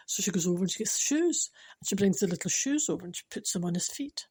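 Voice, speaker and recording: Scottish woman, spiritual storyteller, warm mellow voice, husky, emotional and chatty. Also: lowish voice, animated, quick pace. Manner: emotional, chatty, laughs often.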